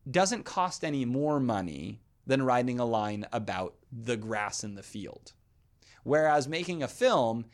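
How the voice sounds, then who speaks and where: A man talks through classical poetry on his podcast in a thoughtful, lecturing way. He reads passages of translated verse aloud and often restarts his sentences as he works out an idea. His voice sits at an ordinary middle pitch.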